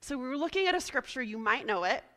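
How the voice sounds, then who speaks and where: A woman pastor giving a chatty, casual sermon, spelling some words out slowly. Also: high voice, animated, bright, forceful tone, in a large hall.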